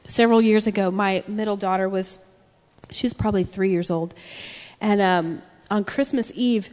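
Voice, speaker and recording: A woman's voice: fairly high pitch, normal speed. Woman preaching in an echoing hall. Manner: animated storytelling with acted-out quotes. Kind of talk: sermon. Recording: long reverb of a large hall.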